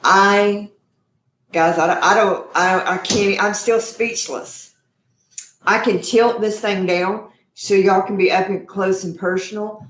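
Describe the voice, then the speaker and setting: A woman's voice: mid-range voice, roomy sound. A woman hosting a live cooking stream from her home kitchen, chatty and effusive, calling her viewers y'all. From Texas. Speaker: cooking show host.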